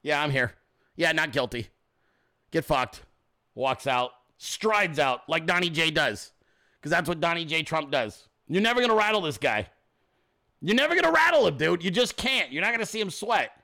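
A man's voice: a little high, sing-song, moderate pace, sharp tone. A man hosting a podcast, talking in a casual, profane, joking way and often mimicking other people. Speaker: podcast host. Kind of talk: casual political commentary.

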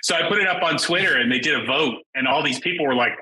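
Bright-voiced man in animated podcast chat. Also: fairly high pitch, fast, rough recording. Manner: animated, acts out quotes in raised voices. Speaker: tabletop game designer, guest.

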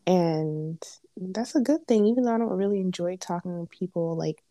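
A young woman co-hosting a podcast, chatting casually with playful quick asides. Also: fairly low pitch, mellow, no room sound. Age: young adult. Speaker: podcast co-host. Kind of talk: casual chat.

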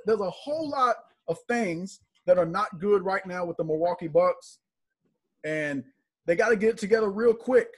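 A man co-hosting a sports podcast, breaking down a basketball game in emphatic, animated chat. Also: high voice, husky. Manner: animated, emphatic, repeats words for stress.

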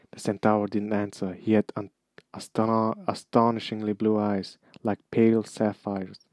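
Low flat-voiced man reading a story. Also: a little slow, no room sound. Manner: steady reading with occasional slips and restarts. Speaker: reader. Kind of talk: amateur audiobook reading.

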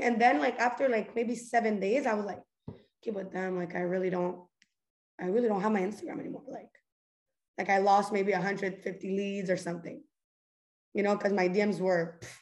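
A young woman hosting a casual motivational talk, goofy and earnest, talking in a loose stream full of "like" and restarts. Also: on the high side. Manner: goofy, chatty, earnest, fillers like "like". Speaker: host. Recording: echoey room.

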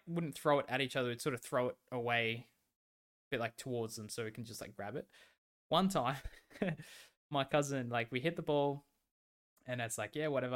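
A man's voice: mid-range voice, fairly bright tone. A young man in his twenties, co-hosting a podcast and telling a story in a laid-back way, swearing freely and laughing often. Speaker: podcast co-host. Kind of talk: casual chat.

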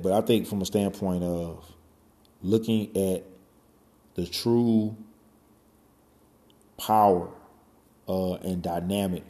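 A man's voice: sits low, mellow, reverberant. A man in his forties talking casually and at length, rambling with lots of fillers and loose swearing. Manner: rambling, peppered with "you know" and "man", swears freely. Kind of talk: casual conversational monologue.

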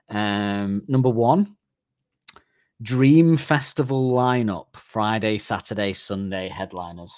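A man's voice: fairly low pitch, slow pace, darkish tone, dry recording, clean studio sound. A man co-hosting a podcast in casual chat, rambling and correcting himself, laughing at his own jokes. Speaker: podcast co-host.

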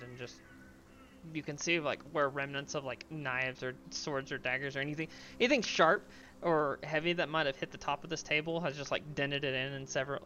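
Bright-voiced man narrating a tabletop game. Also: fairly high pitch, slight background noise. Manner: loose, filler-heavy narration. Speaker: game master.

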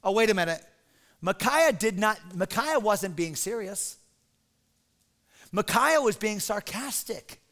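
A male pastor preaches with lively drama and a conversational touch. His voice sits very high for a man and rings bright and forceful. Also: a little slow, long pauses. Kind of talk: sermon.

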